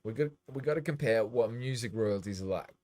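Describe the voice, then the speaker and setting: Man, lowish voice, casual livestream chat, rambling, loose, swears casually. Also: fairly quick, a little mellow. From Australia. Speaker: DJ and livestream host.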